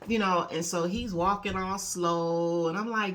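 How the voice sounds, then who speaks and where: A woman life coach giving a casual motivational talk, conversational and lively, often adding "you know" and "okay". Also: unhurried. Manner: animated storyteller, acting out quotes with big pitch jumps.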